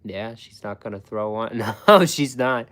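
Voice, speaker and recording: A man's voice: fairly low pitch, animated, measured pace, a bit bright. A man hosting a food channel, chatting casually with viewers in a rambling, profane way, with frequent laughs and fillers. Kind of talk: casual live-stream chat with viewers.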